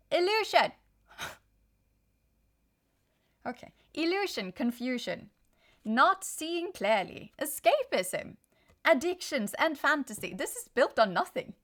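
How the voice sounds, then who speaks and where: Rambling, animated woman tarot reader. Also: a little high. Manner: rambling, self-interrupting, animated. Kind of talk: casual tarot reading monologue.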